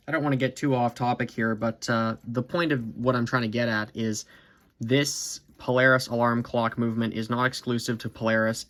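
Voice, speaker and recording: A man's voice: medium pitch, a bit bright. A man hosting a clock repair video, explaining his workbench fix in a casual, rambling way, often correcting himself as he thinks aloud. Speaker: clock repair channel host.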